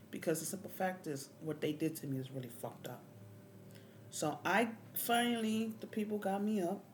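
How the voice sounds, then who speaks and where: A woman's voice: low-pitched, normal speed, slight background noise. A woman vlogger casually recounting a story, indignant and swearing, her voice often rising sharply. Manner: indignant, swearing, rising to near-yelling at times.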